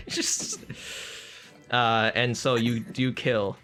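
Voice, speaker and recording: A man runs a homebrew fantasy game with a bright, lively voice. He repeats himself as he narrates and laughs easily. Soft background music plays under the talk. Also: medium pitch, extremely slow. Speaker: game master.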